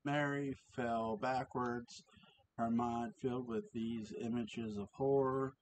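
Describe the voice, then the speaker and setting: Man, slow, halting home reader of his own story, mid-pitched. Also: steady tone, slight background noise, low-quality recording. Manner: halting, slow, many ums, asides about his cats. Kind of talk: casual story reading. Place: home with cats around.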